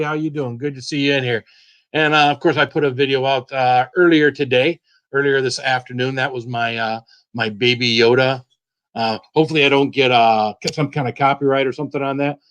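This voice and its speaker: A man hosting a casual live stream, greeting viewers one by one by name in a relaxed, chatty way. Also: mid-range voice, fairly quick.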